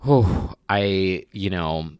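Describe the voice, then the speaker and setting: A man's voice: low voice, drawn-out words, darkish tone, smooth, no echo. A young man co-hosting a podcast in a campy, gossipy way, sounding groggy and hungover. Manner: campy, gossipy, lots of likes. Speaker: podcast co-host. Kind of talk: casual chat.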